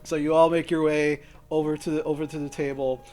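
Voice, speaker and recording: Sex: man. Role: game master. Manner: loose, rambling, casual swearing. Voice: fairly high. Behind: faint music. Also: level tone, fairly quick, warm tone. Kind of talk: narrating a tabletop game.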